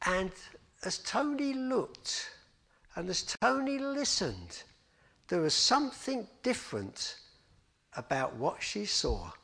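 A man's voice: high-pitched, very animated, slow, creaky, long pauses, bright, forceful tone. A man telling a children's story at a church service, narrating expressively and dramatically.

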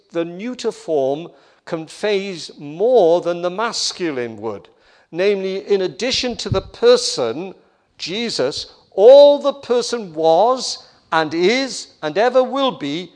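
A man preaching a sermon with emphatic, building repetition, asking the listeners direct questions. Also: high-pitched.

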